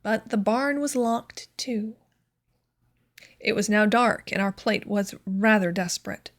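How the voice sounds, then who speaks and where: A woman narrating a classic short story as an audiobook reader, in a measured, clear storytelling manner. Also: mid-range voice. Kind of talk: scripted narration.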